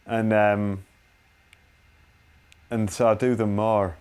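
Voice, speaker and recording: A man's voice: lowish voice, flat delivery, slow, a little mellow, clean tone. An English man co-hosting a casual podcast, playful and teasing, often laughing. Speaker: podcast co-host.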